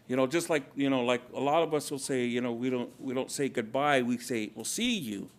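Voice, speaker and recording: Gravelly man, halting reflective talk. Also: mid-range voice. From Kumeyaay community, Southern California. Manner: halting, repeats words, many fillers. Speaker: conference speaker.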